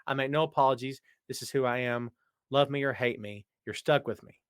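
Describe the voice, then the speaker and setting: A man's voice: medium pitch, brisk, clean tone, no echo, clean studio sound. A man hosting a casual live-stream talk show, his voice worn out, rambling and joking straight to viewers. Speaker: podcast host. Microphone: webcam setup.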